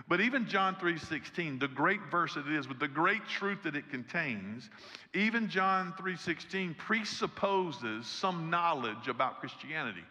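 A man preaching a sermon, reading scripture in a measured way and then building to earnest emphasis. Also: a little high, animated, sharp tone, long reverb tail. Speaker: pastor. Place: church sanctuary.

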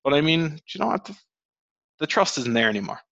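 A young Irish man hosting a podcast, telling rambling, swearing stories with sudden high jumps in his voice. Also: quick pace, no room sound, dull audio. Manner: rambling, swears, animated storytelling with pitch jumps. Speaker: podcast host. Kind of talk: casual podcast chat.

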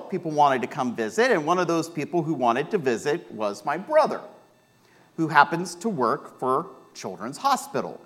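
A male pastor with a Midwestern American accent, preaching a sermon and telling a personal story with lively, acted-out quotes. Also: fairly high pitch. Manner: animated storytelling, acts out voices in quotes.

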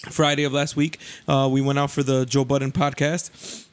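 A young man casually telling a story on a podcast, animated and slangy, often laughing and jumping into voices. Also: moderate pace, clean tone. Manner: animated, laughing, acts out voices with rising pitch; profane, slangy.

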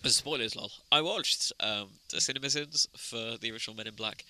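Young guy hosting a podcast, swears a lot, jokey, super bright voice. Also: mid-range voice, brisk, clear, resonant tone, no room sound. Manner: playful, laughs often, swears casually. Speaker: podcast host. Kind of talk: casual chat.

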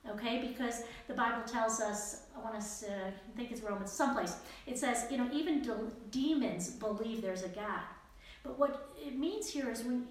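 A woman leading a casual Bible study, speaking earnestly and conversationally, with frequent fillers and restarts. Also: fairly high pitch. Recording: very echoey room with faint noise.

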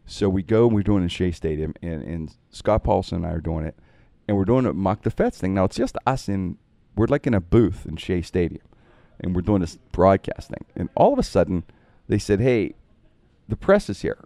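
A man, a radio broadcaster, telling animated stories in casual podcast talk and acting out other people's lines. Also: low voice, normal speed, vocal fry, dry recording. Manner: animated anecdotes with quoted voices.

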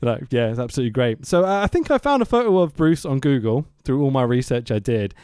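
A man's voice: mid-range voice, very animated, fast, a little mellow, clean tone, no echo, clean studio sound. A man co-hosting a podcast, reviewing a film in casual chat, sarcastic, swearing and laughing often. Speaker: podcast host.

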